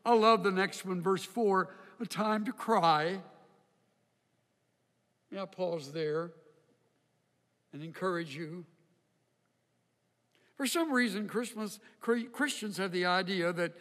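An older man preaching a sermon in a slow, reflective way, with emphatic rises. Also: sits high, a bit bright. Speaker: pastor. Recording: hall reverb.

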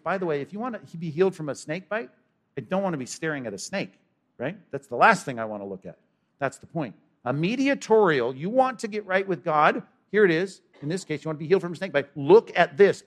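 A male pastor preaching an animated sermon, swinging from loud exclamations to hushed asides and asking the congregation questions. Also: fairly high pitch.

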